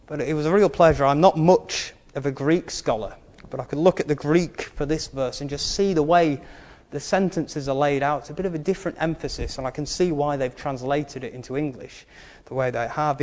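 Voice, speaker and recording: A man's voice: on the high side, a little fast, darkish tone, long reverb tail. A male preacher giving a sermon in an earnest way, stressing his key points and adding wry asides.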